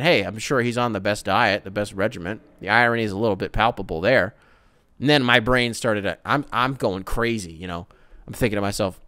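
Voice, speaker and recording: A man hosting a casual solo sports podcast, ranting in a profane, animated way with mocking asides. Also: lowish voice, smooth, no room sound. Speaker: podcast host.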